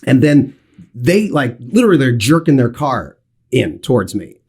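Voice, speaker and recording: A man in his forties telling a lively anecdote on a podcast, swearing freely and acting out what other people said. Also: medium pitch, moderate pace, breathy edge. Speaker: podcast co-host telling a story.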